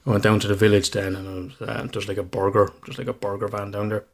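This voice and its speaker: Swearing, laughing storyteller. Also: male voice, lowish voice, flat delivery, quick pace, creaky. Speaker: podcast co-host. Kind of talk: casual podcast chat.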